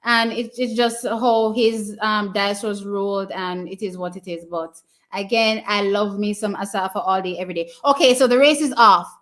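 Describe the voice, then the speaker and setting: A woman's voice: mid-range voice, moderate pace. A Jamaican woman hosting a live stream, casually commenting on races, answering viewers' questions and cheering her team on. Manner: chatty and excitable, cheering teams on. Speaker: live stream watch party host.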